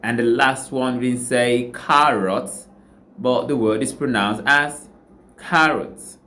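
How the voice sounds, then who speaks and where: A man's voice: mid-range voice, steady tone, normal speed, fairly bright tone. A man teaching a pronunciation lesson, saying each word with care and repeating every example twice. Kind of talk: slow, deliberate pronunciation lesson.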